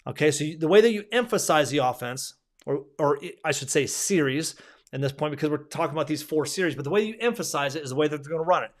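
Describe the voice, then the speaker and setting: A man's voice: on the high side, lively intonation, fast talker. A male basketball coach giving a clinic lecture in a conversational way, repeating himself and restarting sentences often.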